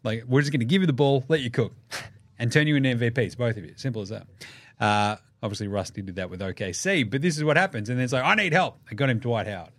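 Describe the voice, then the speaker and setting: An Australian man hosting a sports podcast, talking in loose, animated banter, swearing freely and acting out players in silly voices. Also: medium pitch, fast, no room sound. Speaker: podcast host.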